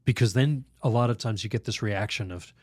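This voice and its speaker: A priest telling a lively story in a podcast interview, laughing often, acting out other people's voices, with halting restarts. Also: male voice, fairly low pitch, no echo, clean studio sound. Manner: animated, laughs often, acts out quoted voices. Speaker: priest guest.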